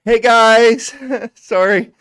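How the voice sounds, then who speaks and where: A man voicing a weepy, oversensitive young streamer in a whiny, high falsetto as a mocking parody. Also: sing-song, fairly quick, gravelly. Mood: fake cheerful.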